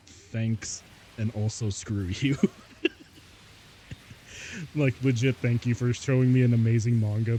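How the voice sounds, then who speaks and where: A man's voice: on the low side, mellow, a little hiss or hum. A man streaming live, chatting casually and rambling, often laughing between thoughts and saying "like" and "y'all" a lot.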